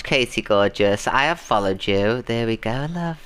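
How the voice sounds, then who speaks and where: A British man live streaming, chatting casually and thanking viewers, often shrieking with excitement. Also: medium pitch, normal speed, very noisy. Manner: animated, shrieking with delight at gifts.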